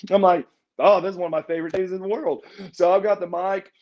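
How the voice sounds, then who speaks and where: A man's voice: sits high, quick pace. A man guest in a podcast interview, telling stories casually and acting out other people's lines in changed voices. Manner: animated, acts out quotes in changed voices. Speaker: interview guest, former wrestler. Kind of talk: casual storytelling in a shoot interview. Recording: slightly dull, lo-fi podcast audio.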